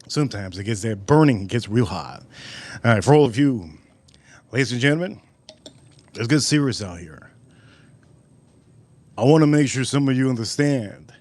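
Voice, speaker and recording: A man's voice: medium pitch, animated, moderate pace, long pauses, a little mellow, dry recording. A man casually hosting a live stream, joking loosely and talking to viewers in the chat.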